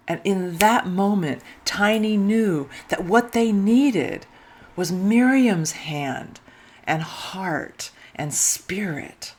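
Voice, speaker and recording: A woman minister reads a children's story aloud in a church service. Her voice is gentle and a little low, and she takes her time, sometimes sinking to a near whisper. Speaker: intern minister.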